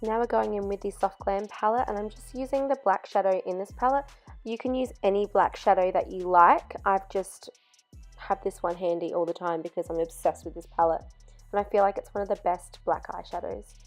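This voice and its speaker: Over soft background music, a makeup artist talks a little fast in a mid-range voice. She's a young woman voicing a step-by-step tutorial, chatty and filler-heavy, even though her voice is going.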